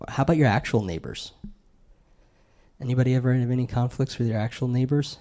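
A man's voice: mid-range voice, a little fast, mellow. A middle-aged man preaching in a conversational way, asking the congregation questions and telling stories from his life. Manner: conversational, asks the crowd questions. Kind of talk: sermon.

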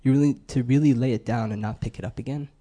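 Middle-aged male preacher, warm mellow voice, chatty sermon delivery, throws questions at the congregation. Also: medium pitch, fairly even intonation, fast. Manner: conversational, asks the crowd questions.

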